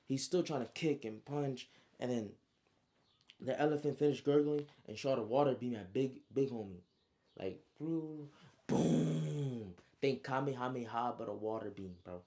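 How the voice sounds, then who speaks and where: A man casually recapping his own story, slangy and animated, with frequent asides. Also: medium pitch, normal speed.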